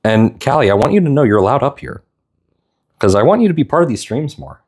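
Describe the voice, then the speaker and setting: A man's voice: mid-range voice, very animated, fast, a little mellow. A young man chatting casually on a live stream, rambling and tender, stopping to apologize now and then. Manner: rambling, tender, stops to apologize while tearing up.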